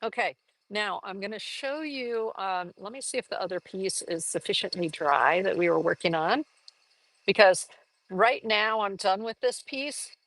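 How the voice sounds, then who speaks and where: A woman's voice: mid-range voice, animated, a little slow, a bit bright, dry recording. A woman giving a live art lesson, chatting enthusiastically and thinking aloud as she works on a collage. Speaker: art teacher.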